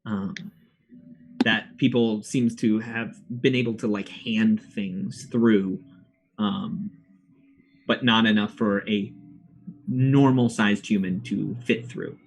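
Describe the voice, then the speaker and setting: A man running a tabletop game as game master, describing the scene in a measured way. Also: lowish voice, fairly even intonation, creaky, a little hiss or hum.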